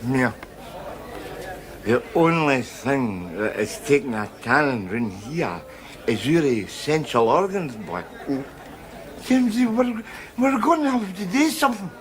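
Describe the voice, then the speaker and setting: A man's voice: medium pitch, lively intonation, unhurried, long pauses, natural voice. An actor playing a boozy, belligerent middle-aged Scottish man who blusters and stammers in a sitcom. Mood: blustering. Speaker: sitcom lead. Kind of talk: sitcom acting.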